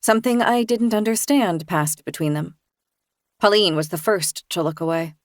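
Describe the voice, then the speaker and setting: A woman reading a first-person thriller as an audiobook narrator, in a measured, even storytelling manner. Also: on the low side, no echo, clean studio sound.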